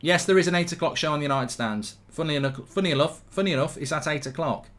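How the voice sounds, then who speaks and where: Excitable male stream host, fairly high voice, casual swearing, live match commentary. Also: fast talker.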